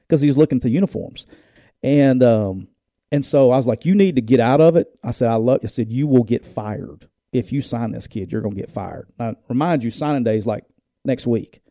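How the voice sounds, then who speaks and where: Middle-aged guy co-hosting, tells coaching stories and acts out voices, deep dark sound, dead dry room. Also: brisk, dry recording. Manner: animated, acts out quoted voices, laughs while telling stories. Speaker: former college football coach, show co-host. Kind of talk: casual storytelling chat.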